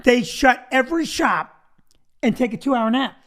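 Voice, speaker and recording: A man's voice: very high voice, animated, moderate pace, a bit bright. A middle-aged man, a comedian co-hosting a casual chat show, talking bluntly and jokingly. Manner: jokey and blunt, slips into silly voices. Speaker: comedian co-host.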